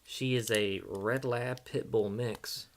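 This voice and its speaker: A man hosts a casual livestream from home, playful and quick to tease himself. His voice sits at an ordinary middle pitch, often dropping soft when he coos to his dog. A faint hiss runs underneath. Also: steady tone. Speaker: livestream host.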